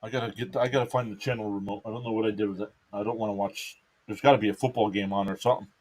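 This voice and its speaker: A man's voice: on the low side, racing. Man casually calling baseball live. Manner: relaxed, chatty, reads viewer comments aloud. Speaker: live stream baseball commentator. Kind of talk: casual play-by-play and chat.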